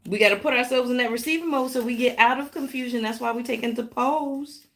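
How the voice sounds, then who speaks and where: A woman hosting a live tarot reading, talking warmly and directly to her viewers with pet names and playful exclamations. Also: on the high side, fast talker. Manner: affectionate, animated, talks directly to viewers. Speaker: tarot reader.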